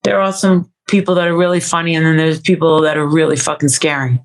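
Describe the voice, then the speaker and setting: A woman talking casually as an interview guest, blunt and quick to swear, laughing often. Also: deep voice, little pitch movement.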